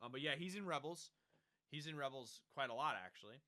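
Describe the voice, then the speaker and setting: A man co-hosting a podcast, chatting casually and animatedly about a TV show, jumping into quick character impressions. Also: fairly high pitch, bright, forceful tone, no echo, clean studio sound. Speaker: podcast co-host. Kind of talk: casual chat recapping a TV show.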